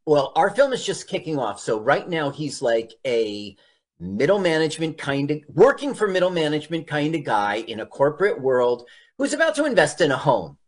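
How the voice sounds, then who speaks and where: A man co-hosting a radio show, rambling through casual movie commentary and laughing often. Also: a little high. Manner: lively, rambling, quick to laugh. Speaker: radio co-host.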